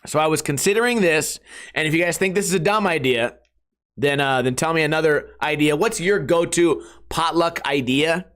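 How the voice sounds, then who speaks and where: Man, 30s, podcast host, casual solo chat, rambling, swearing, jokey, voice a bit higher than most men. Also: a bit bright. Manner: rambling, profane, jokey, acts out friends in quick impressions.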